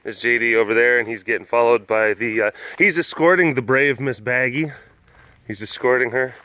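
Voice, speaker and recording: A man's voice: medium pitch, steady tone, moderate pace, bright, forceful tone. Young male vlogger, casual and rambling, mid-range voice, outdoors by the animal pens. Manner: chatty, often acts out other voices, laughs a lot. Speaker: big cat sanctuary vlogger. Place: outdoors at a big cat enclosure.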